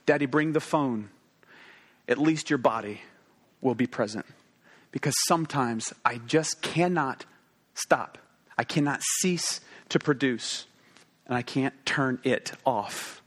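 A man in his thirties preaching a sermon as a story, moving between quick conversational asides and slow, emphatic pauses. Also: medium pitch, a bit bright.

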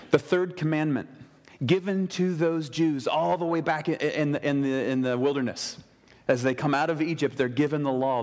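A man preaching a sermon in a conversational style, with emphatic asides and quick restarts. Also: mid-range voice. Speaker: pastor. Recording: reverberant hall.

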